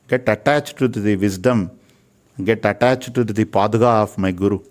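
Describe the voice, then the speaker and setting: Older man, Indian English accent, low voice, earnest guest sharing wisdom. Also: normal speed, darkish tone. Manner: preachy, repeats phrases for emphasis. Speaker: Ayurvedic physician interviewed as guest. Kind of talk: earnest spiritual talk.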